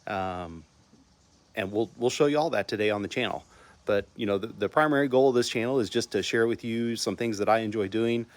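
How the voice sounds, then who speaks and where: Rambling middle-aged man, fairly low voice. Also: brisk. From Texas. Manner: rambling, restarts often, many fillers. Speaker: channel host. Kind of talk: casual barbecue vlog talk. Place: at home.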